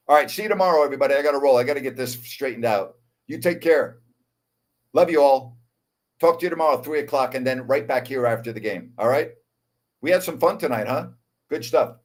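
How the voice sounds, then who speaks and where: A man in his sixties hosting a live sports talk show, wound up and excitable, calling game action and chatting while repeating himself. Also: mid-range voice. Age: 60s. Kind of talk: live show, chat with calls of a basketball game.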